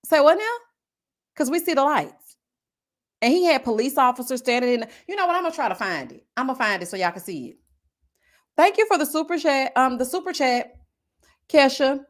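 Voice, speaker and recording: A woman from Houston, hosting a livestream and telling stories in animated, slangy casual chat while reading super chats. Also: high-pitched, moderate pace. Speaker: livestream host.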